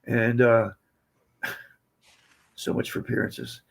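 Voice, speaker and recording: A man's voice: mid-range voice, monotone, very slow, gravelly. A man in his seventies from the United States, a podcast guest telling rambling, digressive stories in a casual way. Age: 70s. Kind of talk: casual storytelling.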